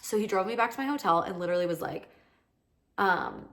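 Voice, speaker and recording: Woman, 30s, podcast host; casual chatty storyteller, middle pitch, heavy "like" filler. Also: animated, fairly quick, creaky. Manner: chatty, peppered with "like", acts out quoted lines.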